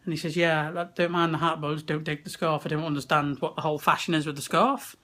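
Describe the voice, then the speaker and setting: A man's voice: a little high, fairly even intonation, fast, sharp tone. Chatty swearing young man. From West Midlands, England. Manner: chatty, laughing, swears often. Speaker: vlogger. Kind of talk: casual chat. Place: wrestling event venue. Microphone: handheld camera at arm's length.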